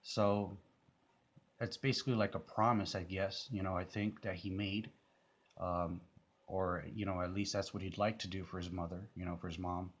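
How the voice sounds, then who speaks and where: A man's voice: low voice, level tone, normal speed, slightly rough. A man giving casual, rambling commentary on a music video, full of fillers and restarts.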